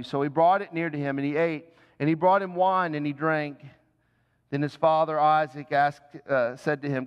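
A man's voice: on the high side, normal speed, clean tone, big-room sound, dull audio. A man, a senior pastor, preaching a sermon in an earnest, conversational way and asking the congregation direct questions. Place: church sanctuary.

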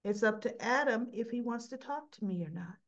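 A woman quoting a calm, firm female patient advocate on a muffled recording. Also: fairly high pitch, a little fast.

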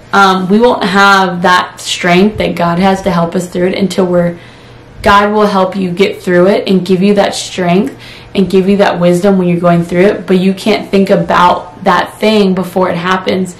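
A woman in her twenties who talks casually and earnestly about faith, with frequent pauses, then prays aloud. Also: mid-range voice. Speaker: Christian vlogger. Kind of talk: casual devotional talk and spoken prayer. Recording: roomy echo.

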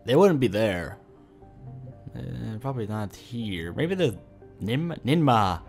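A man's voice: mid-range voice, lively intonation, slow, gravelly, a little mellow, soft background music. A man giving rambling, swear-filled let's play commentary, thinking aloud as he plays. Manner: rambling and profane, often swears; thinks aloud while playing. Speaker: gamer playing a video game.

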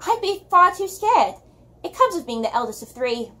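A woman puts on a frightened young storybook girl who stammers and gasps in a put-on English lilt. The voice sits high and swings widely. It sounds like a nervous eldest sister caught in a crowd. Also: sing-song, moderate pace, pushed and bright, full character voice. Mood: fearful. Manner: stammering, breathless attempted British accent.

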